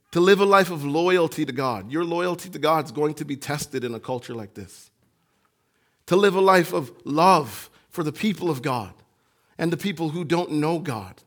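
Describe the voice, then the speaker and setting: Male pastor, high voice, delivers an impassioned sermon that swings from hushed lows to near shouts.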